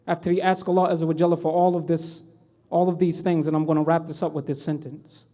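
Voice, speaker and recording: High-voiced man, storytelling with loud bursts. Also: flat delivery, fast. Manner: storytelling, voices quotes with sudden loud emphasis. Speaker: speaker. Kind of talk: impassioned religious talk. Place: event hall.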